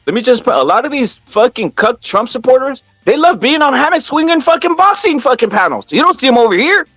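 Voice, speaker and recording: A man's voice: extremely high pitch, very animated, brisk, fairly bright tone, no echo, faint music behind. A man hosting a casual panel, ranting heatedly and with lots of profanity, repeating "dude" and "bro".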